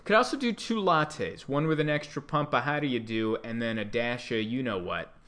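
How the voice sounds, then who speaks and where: A man putting on the voice of an entitled woman customer who dithers over her café order in drawn-out, overly polite tones. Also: mid-range voice, lively intonation, a bit bright, close to an everyday voice. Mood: fussy.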